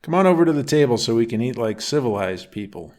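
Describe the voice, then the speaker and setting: A man's voice: medium pitch, expressive, fast talker, a little mellow, close to an everyday voice. A man voicing an easygoing single father, a car salesman with a slight Virginia drawl, patient and teasing. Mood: gentle teasing.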